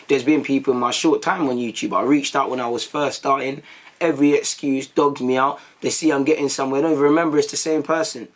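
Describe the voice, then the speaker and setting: A young YouTube vlogger spins stories for his viewers in a relaxed, lively style, packed with slang and acted-out quotes. His voice sits in the mid range.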